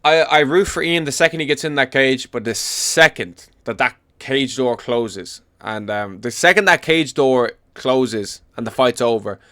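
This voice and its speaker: A man's voice: medium pitch, a little slow, hardly any pauses, pushed and bright, dry recording, studio quality. A young Irish man from Ireland ranting about fighters as an MMA commentator, blunt and full of swearing and repetition. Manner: blunt, profane, emphatic repetition. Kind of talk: casual opinion rant.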